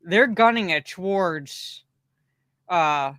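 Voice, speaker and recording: A woman's voice: on the low side, animated, takes it slowly, fairly bright tone. A woman co-hosting a casual podcast, chiming in with short agreements and adding plot details to a movie recap. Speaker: podcast co-host. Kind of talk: casual chat.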